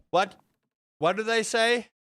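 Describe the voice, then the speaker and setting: A gaming streamer chatting casually with viewers while playing, rambling and swearing, with sudden high outbursts. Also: noisy background. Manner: animated, rambling, swears, jumps to high shouts.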